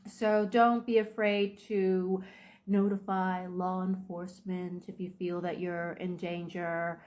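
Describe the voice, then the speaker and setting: Unhurried woman giving casual advice. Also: on the low side, flat delivery, a little mellow. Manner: unhurried, with frequent ums and restarts. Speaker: video creator.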